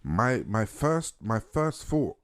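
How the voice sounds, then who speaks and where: A man co-hosting a podcast. He speaks in a measured, wordy way with dry irony. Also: lowish voice, big pitch swings, a bit bright, no room sound. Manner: measured, wordy and dryly ironic. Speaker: podcast co-host. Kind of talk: casual uncensored chat.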